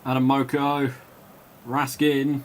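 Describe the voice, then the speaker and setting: A man doing live play-by-play commentary, calling player names in quick bursts, chatting and laughing with viewers, and rising to shouts when a goal goes in. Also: mid-range voice, monotone, slight background noise. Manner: chats and laughs with viewers between calls. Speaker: match commentator.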